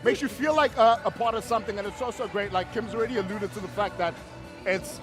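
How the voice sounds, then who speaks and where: A man, a former player turned co-host, talks fast and high with eager agreement. Music plays behind him at an outdoor stadium. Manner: enthusiastic, quick affirmations. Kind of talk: pre-match show chat.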